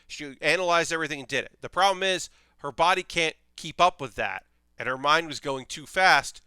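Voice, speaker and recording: Chatty animated man, bright crisp voice. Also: on the high side, normal speed, dry recording. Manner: chatty, animated, swears casually. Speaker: streamer reviewing anime. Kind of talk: casual livestream chat.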